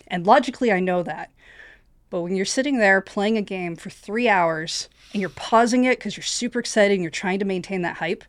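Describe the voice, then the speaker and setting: A woman's voice: mid-range voice, dry recording. Candid woman streamer, dry sound. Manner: candid, storytelling. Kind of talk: casual panel chat.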